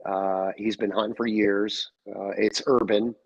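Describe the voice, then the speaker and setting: Man, husky, casual storyteller, dry close sound. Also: lowish voice, unhurried, dry recording, highs cut off. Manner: animated storyteller, acts out quoted dialogue. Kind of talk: casual chat. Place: call-in or remote line.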